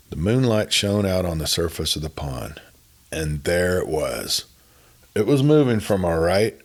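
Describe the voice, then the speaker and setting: A man narrating a spoken story in a folksy, unhurried way. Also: low voice, husky. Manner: folksy, unhurried, starts sentences with "well".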